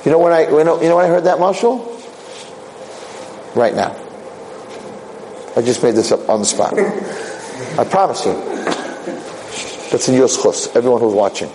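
A man giving a casual, animated Torah talk, telling a parable with quick asides. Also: mid-range voice, rough recording. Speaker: rabbi lecturer.

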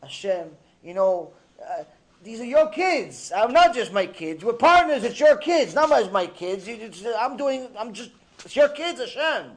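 A man's voice: high voice, animated, brisk. A man voicing a meek, pleading poor scholar. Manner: pleading, plaintive, sometimes tearful. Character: poor devout male Torah scholar, meek, overwhelmed father.

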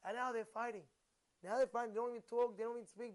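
A man with a very high-pitched voice preaches a sermon. He tells his stories in an animated way and keeps putting questions to his listeners. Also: quick pace, long pauses. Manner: animated storytelling, rhetorical questions to the audience. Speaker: rabbi.

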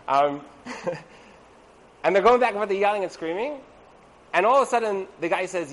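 A man's voice: high-pitched, animated, moderate pace, pauses often. A man giving a casual evening class on Torah and marriage, chatty and full of rhetorical questions, acting out quoted voices. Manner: conversational, asks rhetorical "right?", acts out quoted voices.

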